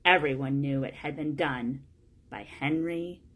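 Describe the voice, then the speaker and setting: A woman reading a children's storybook aloud in a plain, steady way, one sentence at a time. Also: deep voice, measured pace, husky. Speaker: storybook reader.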